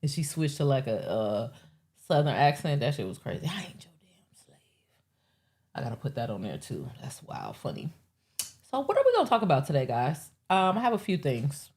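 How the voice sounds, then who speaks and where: Low-voiced woman riffing casually on a live show. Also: a little fast. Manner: rambling, profane, animated asides with acted quotes. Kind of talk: casual live-stream monologue.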